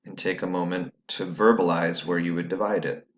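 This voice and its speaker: A man's voice: low-pitched, fairly even intonation, fairly quick, highs cut off. A man teaching a recorded phonics lesson, patiently explaining step by step to students at home.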